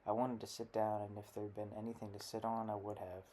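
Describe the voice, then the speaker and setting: Male narrator for literary fiction audiobook, deep, monotone, dark timbre. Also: a little fast, a little hiss or hum.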